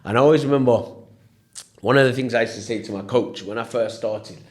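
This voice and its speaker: A man's voice: medium pitch, a little fast. A man with a Leicester accent, a former boxer, telling stories in a casual interview and acting out the voices of the people in them. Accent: Leicester English. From England. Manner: animated storyteller, acts out voices, repeats "you know what I mean". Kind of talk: storytelling in casual interview chat.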